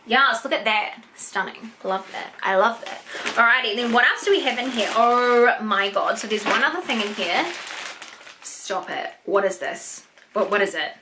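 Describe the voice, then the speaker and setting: A young woman in an unboxing vlog, gushing and excitable, swearing often as she opens gifts. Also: on the high side, normal speed, noisy background. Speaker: YouTuber.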